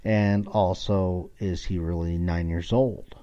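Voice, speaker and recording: A man around forty talks into a podcast mic in a slow, drawn-out way, with a dark, mellow tone. He rants bluntly and swears freely. The recording sounds dull and a little lo-fi. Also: low voice, fairly even intonation. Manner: blunt, profane ranting. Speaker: podcast host. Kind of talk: casual monologue.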